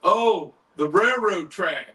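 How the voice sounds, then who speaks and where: A man hosting a paranormal chat show tells a story in a loose, animated way, acting out what others said. His voice is high and bright. He sounds a little distant from the microphone. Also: slow. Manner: animated, retells others' words in quotes, swears casually. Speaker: paranormal podcast host.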